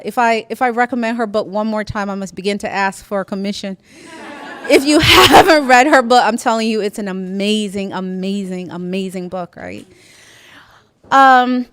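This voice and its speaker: A woman's voice: mid-range voice, fairly bright tone, clean tone, dry recording. A woman academic giving a conference panel talk, emphatic and speaking directly to the audience, checking in often with tag questions. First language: immigrant.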